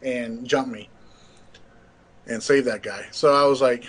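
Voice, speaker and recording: A middle-aged man chatting on a gaming podcast, easygoing and rambling. His voice sits at an ordinary pitch, and he strings his stories together with plenty of "you know" and "uh." It is a relaxed, conversational delivery. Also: unhurried, husky. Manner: rambling, laid-back storytelling with fillers. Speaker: podcast co-host. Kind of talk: casual gaming podcast chat.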